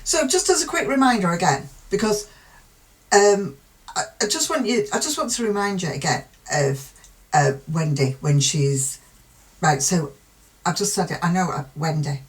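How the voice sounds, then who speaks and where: A middle-aged British woman from the UK giving blunt, opinionated crime commentary, rambling with pauses and fillers. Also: lowish voice, poor audio. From United Kingdom. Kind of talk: casual spoken commentary.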